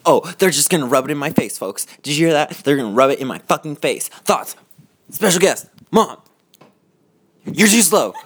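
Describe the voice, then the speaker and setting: A man's voice: fairly high pitch, lively intonation, normal speed, fairly bright tone, husky. A man hosting a casual podcast, talking in a mock-outraged, theatrical way and swearing often. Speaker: podcast host. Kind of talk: casual joking podcast banter. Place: cold house.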